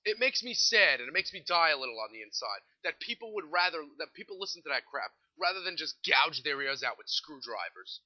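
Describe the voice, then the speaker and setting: A man's voice: high voice, big pitch swings, normal speed, highs cut off. Sarcastic ranting podcast host, man. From United States. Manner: sarcastic, exasperated, swears freely. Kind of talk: casual solo podcast rant.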